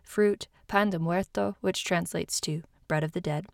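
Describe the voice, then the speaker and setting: A woman's voice: lowish voice, steady tone, a little slow, creaky, no room sound, clean studio sound. A woman hosting a podcast, reading a scripted narration with friendly, self-deprecating asides. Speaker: podcast host.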